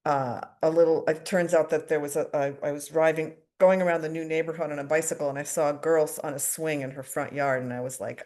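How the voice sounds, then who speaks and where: A woman's voice: deep voice, fairly even intonation, brisk, few pauses, darkish tone. A middle-aged woman from the United States giving a candid, self-deprecating personal recovery share at a twelve-step meeting, with fillers and wry asides.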